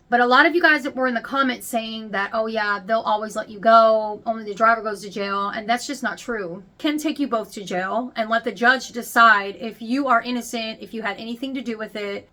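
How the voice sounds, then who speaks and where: A woman's voice: on the high side, sharp tone. A woman vlogger telling a personal story straight to camera in a candid, chatty and emphatic way. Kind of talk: confessional storytime.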